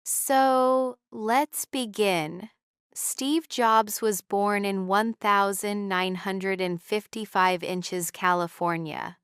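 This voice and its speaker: A woman co-hosting an English-learning podcast, speaking slowly and carefully in a scripted dialogue. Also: mid-range voice, steady tone, a bit bright, no echo, studio quality. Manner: slow, clear, carefully enunciated. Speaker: podcast co-host.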